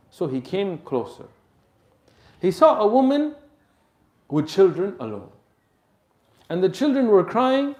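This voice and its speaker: The sermon is a dramatic story, told in English peppered with Arabic religious terms, as the man gives each character a voice. At emotional moments he sinks soft and low. The mosque hall around him is echoey.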